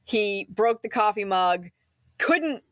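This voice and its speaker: A chatty woman hosts a podcast and walks through a film's plot in easy, rambling chat, with plenty of "um" and "like" along the way. Her voice is mid-pitched and sounds close and dry on the mic. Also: animated, slow, dry recording. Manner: chatty storyteller with frequent "um" and "like". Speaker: podcast host. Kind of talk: casual chat recapping a film.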